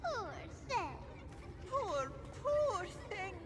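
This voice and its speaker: Teeny mischievous game fairy, super high squeaky voice, slow and singsongy, swoops around. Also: female voice, very animated, noisy background, heavily acted. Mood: teasing. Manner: sing-song, drawn out. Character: playful mischievous fairy, tiny and teasing. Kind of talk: video game voice acting.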